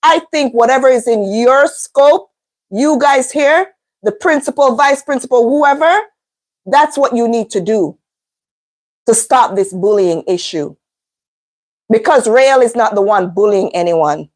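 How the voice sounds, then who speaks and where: A woman, a vlogger and mother, telling a story in a casual, animated way. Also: fairly high pitch, unhurried. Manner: animated storyteller, acts out voices.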